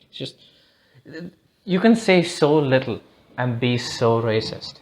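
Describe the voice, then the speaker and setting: A man's voice: mid-range voice, lively intonation, slow pace, a little mellow, slight background noise. Rambling, swearing male podcast host. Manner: rambling, profane, restarts often. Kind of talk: casual solo podcast monologue. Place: lives in India.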